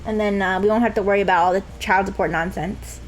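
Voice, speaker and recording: A young woman streaming a game, joking and laughing a lot with high squeals. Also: steady tone, quick pace, a little hiss or hum. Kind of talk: casual game commentary.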